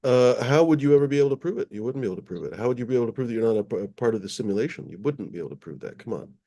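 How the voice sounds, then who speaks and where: A man's voice: medium pitch, animated, racing, dark tone. Rambling, cursing male stream host. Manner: rambling, profane, with many fillers. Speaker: livestream host. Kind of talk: casual livestream chat.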